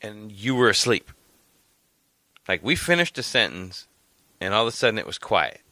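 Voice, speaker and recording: A man co-hosting a podcast, telling stories in a lively way and swearing freely. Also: lowish voice, normal speed, no echo. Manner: animated storyteller, swears freely, acts out voices. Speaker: podcast co-host. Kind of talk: casual chat.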